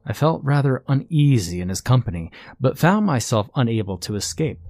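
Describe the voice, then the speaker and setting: A man narrating a first-person horror story in a tense, measured, scripted way. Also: mid-range voice, very animated, a little mellow, no room sound.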